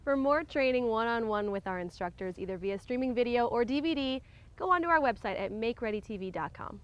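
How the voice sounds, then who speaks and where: A woman co-hosting a training show and wrapping it up in a chatty, brisk way. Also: a little high, expressive, muffled recording. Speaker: show co-host. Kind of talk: show wrap-up.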